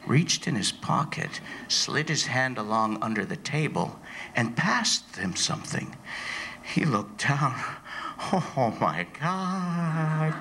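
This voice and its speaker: Man telling jokes slowly and dramatically. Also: medium pitch, gravelly, a little hiss or hum. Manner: slow, animated joke telling with dramatic pauses. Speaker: motivational speaker. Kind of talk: humorous storytelling speech. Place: club meeting room, before an audience.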